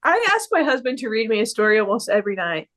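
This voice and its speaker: A woman's voice: fairly high pitch, sing-song, fast talker, a bit bright. A woman guest in a casual chat, bubbly and self-deprecating, laughing often.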